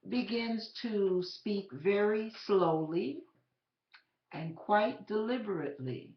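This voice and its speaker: A woman telling her own faith story as a personal testimony, animated and emphatic, speaking directly to the listener. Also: medium pitch. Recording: roomy, slightly dull recording.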